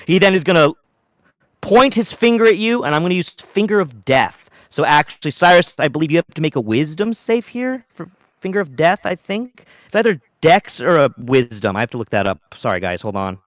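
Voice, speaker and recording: A man narrating a tabletop role-playing game as game master, lively and dramatic, bursting into loud exclamations. His voice is bright and sharp, slightly raised. The sound is close and dry. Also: on the high side, normal speed, dry recording. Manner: animated, dramatic storytelling with sudden loud outbursts.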